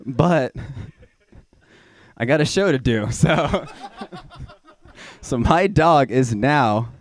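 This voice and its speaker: A man's voice: mid-range voice, expressive, extremely slow. A young man from Georgia doing a rambling, profane stand-up set in a small venue. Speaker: stand-up comedian.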